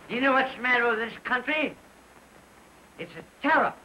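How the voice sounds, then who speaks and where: A man playing a rambling, sentimental comic storyteller in a 1930 film comedy sketch, halting and mock-tearful. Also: very high voice, expressive, pushed and bright, a little hiss or hum, heavily acted, low-quality recording.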